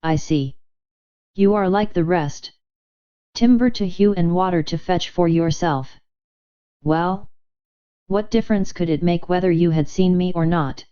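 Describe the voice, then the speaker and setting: A woman's voice: lowish voice, a little slow, long pauses, warm tone, smooth, natural voice. A woman reading the lines of a brooding, dejected young male nobleman in an audiobook, keeping close to her own voice. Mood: gloomy. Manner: gloomy, sighing. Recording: dull lo-fi audiobook recording.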